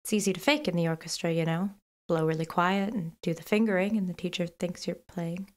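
An actress playing a fearful, evasive recluse. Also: female voice, on the low side, fairly even intonation, lightly acted. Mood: hesitant. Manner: hesitant, evasive, halting. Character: frightened reclusive woman, evasive and fragile. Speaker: patient being questioned.

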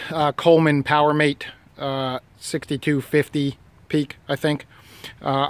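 A man's voice: fairly high pitch, a little hiss or hum. A man giving a casual walkaround of his work trailer outdoors, rambling and matter-of-fact with many fillers. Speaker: property preservation worker.

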